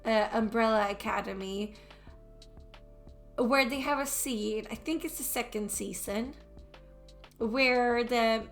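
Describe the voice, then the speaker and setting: A woman's voice: fairly high pitch, measured pace. A young Swedish woman with a Swedish accent, chatting casually and rambling while she draws on a stream. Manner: chatty, rambling with restarts and fillers. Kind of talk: casual chat while drawing. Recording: faint music behind.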